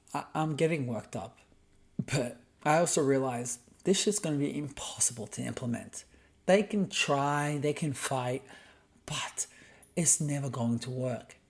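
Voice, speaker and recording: An Australian man hosting a podcast, delivering a heated, profane solo rant. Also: mid-range voice. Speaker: podcast host.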